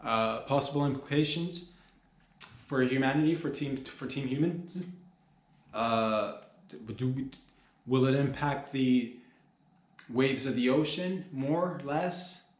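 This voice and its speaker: A man rambles through a comedy podcast monologue, slipping between loose slang-heavy riffs and loud mock-alarmed shouting. His voice sits at an ordinary middle pitch, and the room around him rings with a noticeable echo. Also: slow, pauses often. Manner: animated, mock-alarmed outbursts, profane slang.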